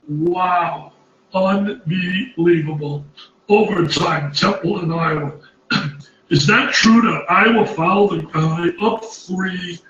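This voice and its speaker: A man with a high, bright voice gives excited basketball commentary, piling up exclamations and repeating himself. He sounds a little away from the mic in a roomy space, with a slightly dull recording. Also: distant mic, a little hiss or hum. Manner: animated, exclamatory, repetitive. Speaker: basketball analyst.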